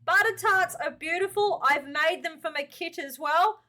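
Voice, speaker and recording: A woman's voice: extremely high pitch, normal speed, bright, forceful tone. A young Australian woman with an Australian accent, hosting a reaction video and giving blunt, slangy opinions. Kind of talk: casual reaction commentary.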